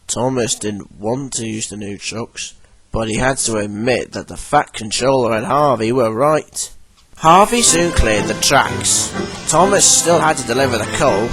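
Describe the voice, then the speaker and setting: A man narrating a children's storybook in a gentle, expressive way. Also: medium pitch, unhurried, slightly rough, dry recording. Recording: background music. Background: music.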